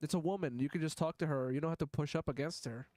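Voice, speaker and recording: A man's voice: on the high side, fast, darkish tone, no echo. A man streaming live, reacting to videos in blunt, profane, rambling commentary.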